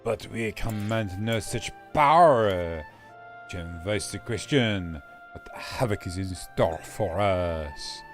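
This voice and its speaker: A young man playing a game with friends, reading story dialogue haltingly with fillers and slips. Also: on the low side, expressive, soft background music. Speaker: co-player. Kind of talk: casual gaming banter and dialogue reading.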